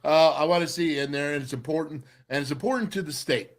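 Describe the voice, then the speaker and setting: A man's voice: a little high, fast. A man hosting a college football radio show, interviewing a guest with enthusiastic, hype-filled sign-offs. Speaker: sports radio host. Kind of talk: casual interview.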